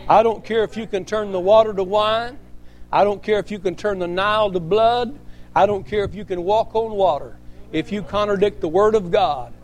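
Pastor guy preaching, high-pitched voice, keeps tossing in amen and praise god. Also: a little mellow. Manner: emphatic preaching with frequent amens and praise interjections. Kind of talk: sermon.

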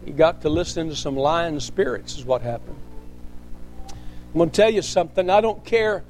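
A man's voice: on the high side, normal speed, darkish tone, soft background music. A man preaching a sermon as pastor, emphatic and punctuated with frequent amens and praise interjections.

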